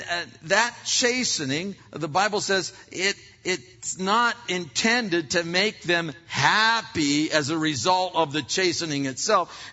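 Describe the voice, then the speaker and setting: Male pastor, sermon, bright edge, slightly high voice, lots of rhetorical questions, long hall echo. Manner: emphatic, rhetorical questions, repeats words. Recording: dull recording in echoing hall.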